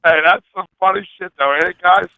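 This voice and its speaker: Brash male phone guest, lively storyteller, higher voice, tinny phone-line sound. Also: brisk, smooth. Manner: brash, swearing, laughs at his own story. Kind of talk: animated storytelling.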